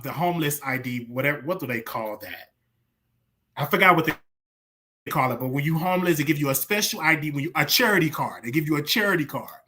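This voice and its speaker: A bright, forward voice from a show host in their thirties, speaking as a personal storytelling monologue. The telling is emotional and repetitive. Loudness swings from hushed to raised. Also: mid-range voice. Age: 30s.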